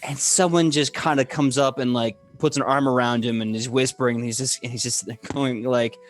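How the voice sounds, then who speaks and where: A man's voice: medium pitch, faint music behind. A man narrating a tabletop game as game master, telling the scene with energy. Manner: animated, laughing, quick storytelling.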